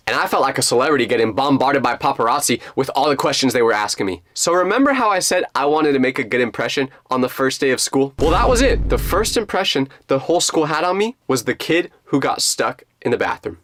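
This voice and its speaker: Animated young man telling a funny story. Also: mid-range voice, no echo. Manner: lively, jokey, dramatic delivery. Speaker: storytime channel host.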